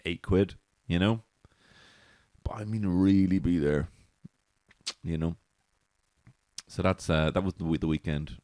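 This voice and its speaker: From a small alcove, a man hosts a solo comedy podcast monologue, rambling, swearing and laughing at his own jokes. His voice sits low, recorded with studio quality and no echo.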